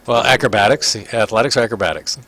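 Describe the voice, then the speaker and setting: A man's voice: on the low side, crowd noise. A man running a tabletop game as game master, narrating casually with lots of fillers. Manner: easygoing, many fillers, quick voices for figures.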